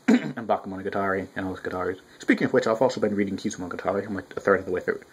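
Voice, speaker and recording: A man giving a rambling, profane, casual manga review, talking loud with a clogged ear and often restarting his sentences. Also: deep voice, expressive, rapid-fire, slight background noise. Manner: rambling, profane, self-interrupting.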